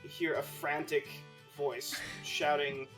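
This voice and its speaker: A game master narrating a tabletop game with lively, laughing narration. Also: medium pitch, takes it slowly, music in the background.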